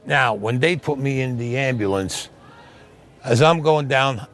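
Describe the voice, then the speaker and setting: A man's voice: medium pitch, unhurried, a bit bright, faint music behind. A man, recounting a childhood memory with emphatic repetition. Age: 70s. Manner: emphatic, repeats key phrases. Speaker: interviewee.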